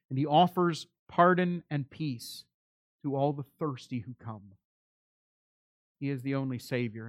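A man's voice: mid-range voice, no echo. A male pastor preaching a sermon, earnest and pleading, building to emphatic calls.

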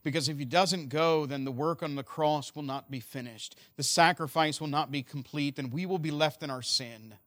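A man preaching a sermon earnestly, moving between loud emphasis and quiet, slow stresses. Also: fairly high pitch. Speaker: pastor.

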